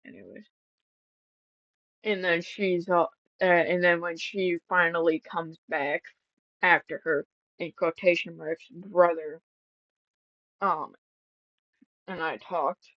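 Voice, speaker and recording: A woman's voice: on the low side, fairly even intonation, slow, long pauses, dry recording, highs cut off. A woman gaming vlogger telling a story in casual chat, rambling and swearing, with many fillers and restarts.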